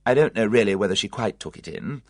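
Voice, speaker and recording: A reader voicing a cheerful, competent matron of about fifty, chatty, brisk and comfortable. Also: mid-range voice, expressive, no echo, clean studio sound.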